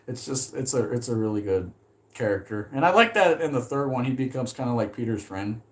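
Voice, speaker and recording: A male streamer talks loosely and excitedly about movies, with lots of fillers and swearing. His voice sits at an everyday middle pitch for a man. The delivery is unscripted and wandering. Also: a little fast. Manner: rambling, heavy use of "like", swears when excited. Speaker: streamer reviewing films. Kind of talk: casual live-stream chat.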